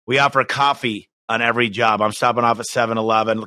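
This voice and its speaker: A middle-aged man talking as a podcast guest, with bright, forceful energy and frequent restarts. The recording is dry and close, with no room around the voice. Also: medium pitch, no echo. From United States. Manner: energetic, emphatic, quick restarts, acts out quoted voices. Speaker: business owner guest. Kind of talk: casual podcast interview.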